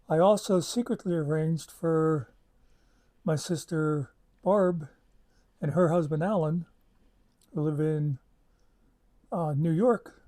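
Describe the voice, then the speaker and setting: Brief: male storyteller, rambling and chatty, slightly higher pitch. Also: mellow. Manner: rambling, chatty, with many asides and fillers. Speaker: channel host. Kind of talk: casual storytelling.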